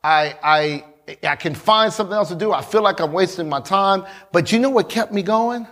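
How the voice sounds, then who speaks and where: A man preaching a sermon, acting out quoted lines and calling out to the congregation. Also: high voice. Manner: preaching, rising to shouts, with quick asides to the congregation. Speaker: pastor.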